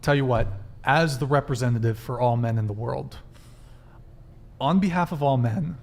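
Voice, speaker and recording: A man's voice: mid-range voice, moderate pace, gravelly, a little mellow. A man hosting a live dating panel show, reading viewer messages aloud and questioning his guests. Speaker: host.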